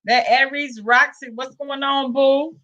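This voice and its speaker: A woman's voice: high-pitched, fairly even intonation, a little slow, pushed and bright, muffled recording. A woman with a Southern US accent hosting a casual livestream, greeting viewers by name and calling them pet names. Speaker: livestream host. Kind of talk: casual live-stream chat.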